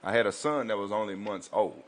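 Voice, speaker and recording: Laid-back low-voiced male comedian. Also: brisk. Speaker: guest comedian. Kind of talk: casual storytelling. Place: radio studio.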